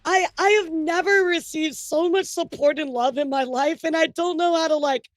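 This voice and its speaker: A woman's voice: sits high, moderate pace, no room sound, faint music behind, low-quality recording. A woman streamer chatting live to her audience, overwhelmed and swearing, calling everyone "dude" and "guys".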